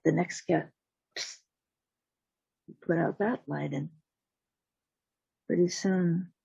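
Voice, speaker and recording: A woman storyteller telling a folktale slowly and deliberately, voicing the sound effects herself over a video call. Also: fairly low pitch, creaky, dark tone, slightly rough, no echo. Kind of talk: told folktale. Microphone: video call mic. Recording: dull lo-fi call audio.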